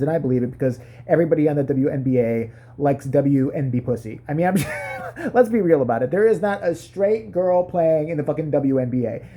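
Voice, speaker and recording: A woman's voice: low-pitched, mellow. A woman delivering a crude, rambling comedy rant, full of profanity and swinging between mutters and outbursts. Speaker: commentary vlogger.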